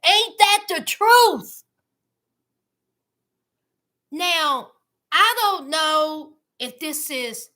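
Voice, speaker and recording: A woman's voice: extremely high pitch, sharp tone. A woman giving a sassy, teasing reaction commentary on a reality show. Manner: sassy, drawling, teasing asides.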